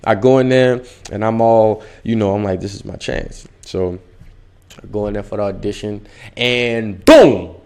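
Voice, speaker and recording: Lower-voiced young man telling a story. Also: measured pace, smooth. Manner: animated, acts out dialogue in the story. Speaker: actor guest. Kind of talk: casual storytelling interview.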